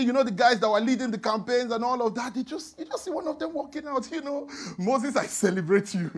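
Animated, high-pitched preacher. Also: male voice. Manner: playful storytelling with acted-out quotes and laughter. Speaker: pastor. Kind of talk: sermon.

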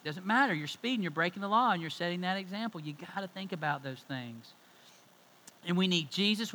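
A middle-aged male pastor delivering a sermon with emphatic, conversational storytelling. His voice sits a little high and rings bright and forceful. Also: rough recording.

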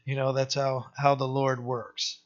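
This man's voice sits in the mid-range, and his delivery is completely flat and unhurried. He gives a conversational sermon to his congregation, posing rhetorical questions and often tacking on "right?", captured in a dull lo-fi recording.

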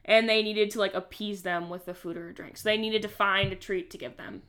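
A woman's voice: mid-range voice, brisk, fairly bright tone. A young woman co-hosting a podcast, chatting casually, giggling often and losing her words. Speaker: podcast co-host. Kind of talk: casual chat.

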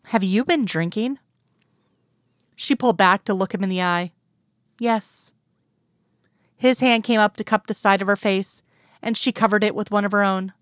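Smooth-voiced woman reading a story. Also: medium pitch, fairly even intonation, quick pace, a bit bright, no room sound, clean studio sound. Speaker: audiobook narrator. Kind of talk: reading romance fan fiction aloud.

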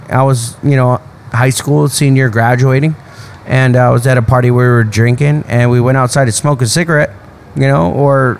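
A man's voice: medium pitch, gravelly, a little hiss or hum. A man from the United States in casual podcast chat, telling a story with lots of fillers and some swearing.

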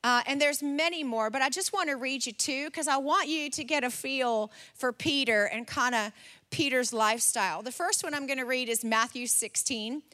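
A woman in her forties preaching a sermon, telling a family story in an animated way and acting out her son's lines. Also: high voice, moderate pace. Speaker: pastor.

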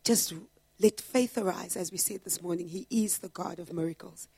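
A woman pastor preaching a sermon in an earnest way, building to loud, emphatic repetitions. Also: lowish voice, moderate pace, slightly rough, no room sound, studio quality.

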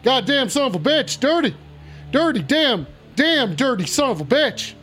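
A man's voice: very high-pitched, big pitch swings, moderate pace, soft background music, full character voice. A man streaming in a persona, playing a brash, foul-mouthed male wrestler who trash-talks and repeats his insults. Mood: trash-talking. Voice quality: gruff and shouty, heavy profanity. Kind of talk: livestream persona rant.

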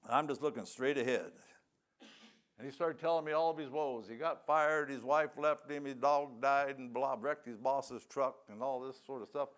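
A man's voice: medium pitch, normal speed. An older man giving a sermon testimony, telling his story in a folksy, plain-spoken way. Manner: folksy storytelling with rural grammar.

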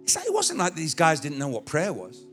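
Lively high-voiced male pastor preaching. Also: brisk, faint music behind. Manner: conversational, illustrative preaching with humor. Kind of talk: sermon. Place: church.

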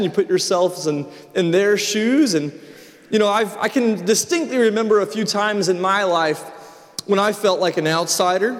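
A middle-aged man, preaching a sermon and telling personal stories in a conversational way with frequent restarts. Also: high-pitched. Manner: storytelling, conversational with repeated restarts. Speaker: pastor. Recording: long reverb of a large hall.

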